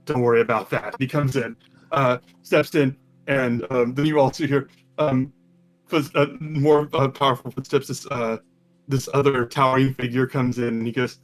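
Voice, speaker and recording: A man's voice: medium pitch, fairly even intonation, moderate pace, soft background music. A man working as game master, narrating a tabletop game in a loose, hesitant way with many fillers.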